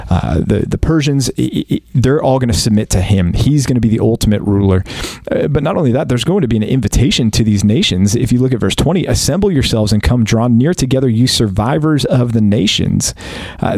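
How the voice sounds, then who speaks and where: An American man co-hosting a casual Bible discussion, thinking aloud and reading verses slowly and deliberately. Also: medium pitch, darkish tone, no room sound. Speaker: podcast co-host.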